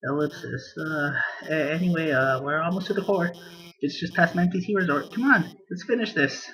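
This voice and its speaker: A man's voice: a little high, normal speed, sharp tone, low-quality recording. A man voicing a stammering shy lizard scientist woman. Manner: stammering, hesitant, many fillers.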